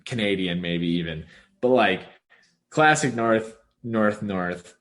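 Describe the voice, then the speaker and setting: Deep-voiced young man, rambling chat. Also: slow pace, a bit bright. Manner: rambling, many fillers, chuckles often. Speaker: podcast co-host. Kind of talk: casual chat.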